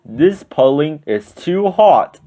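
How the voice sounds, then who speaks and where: Guy doing old santa, jolly, slow and stretched out, storybook voice. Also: a little high, sing-song, dark tone. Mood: savoring. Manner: slow, drawn-out exclaiming.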